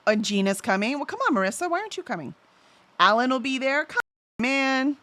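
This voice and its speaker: A woman's voice: high-pitched, lively intonation, fairly quick, a bit bright, a little hiss or hum. A woman hosting a casual livestream, chatting and reading out viewer messages, easily sidetracked and full of fillers. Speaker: livestream host.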